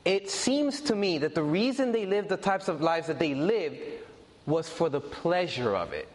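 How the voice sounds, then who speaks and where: Lively high-voiced preacher in a big hall. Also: male voice, normal speed. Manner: conversational preaching, repeats and stresses key points to the congregation. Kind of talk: sermon.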